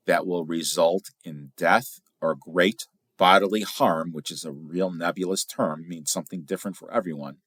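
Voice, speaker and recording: A middle-aged man from Illinois with a low, deep voice, hosting a casual storytelling podcast. He talks in a chatty, animated way and throws his pitch up high to stress a point. The sound is dry and close, with no room echo. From Illinois, USA. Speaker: podcast host, firearms instructor.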